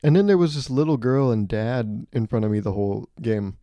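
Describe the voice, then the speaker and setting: A man hosting a solo comedy podcast, telling animated, self-mocking stories and laughing mid-sentence. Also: mid-range voice, brisk, no room sound. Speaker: podcast host.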